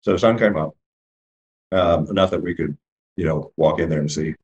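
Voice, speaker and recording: A middle-aged man with a deep, low voice tells his story in an unpolished, casual way. He stops and restarts often and acts out the lines of dialogue. The recording sounds dull and lo-fi. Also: normal speed. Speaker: eyewitness telling his story.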